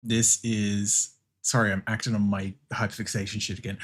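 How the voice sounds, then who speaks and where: A man hosting his stream, chatting in a relaxed, apologetic way while catching up with chat. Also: lowish voice, normal speed, a little hiss or hum. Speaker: streamer, channel host.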